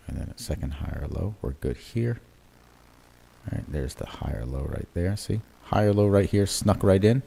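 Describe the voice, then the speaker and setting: A man's voice: low voice, creaky, slightly rough. A man hosting a live trading stream, thinking aloud as he marks up charts, with many fillers and "right?" tags. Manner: relaxed, self-correcting commentary while drawing on charts. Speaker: crypto trading livestream host.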